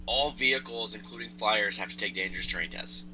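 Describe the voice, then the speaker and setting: A man with a very bright, forward voice chats eagerly about tabletop wargame rules on a live show. He talks while eating and has pulled his mic back. A faint hiss sits under his voice. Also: fairly low pitch, fairly quick, low-quality recording. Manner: enthusiastic about game rules. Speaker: show host. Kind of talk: casual gaming chat.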